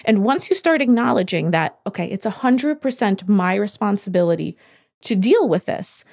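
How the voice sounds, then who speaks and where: A woman speaking as a guest coach, her voice at an ordinary middle pitch. She explains things in a steady, emphatic way, circling back to repeat the points that matter most. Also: moderate pace. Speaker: podcast guest, healing coach. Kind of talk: explaining in conversation.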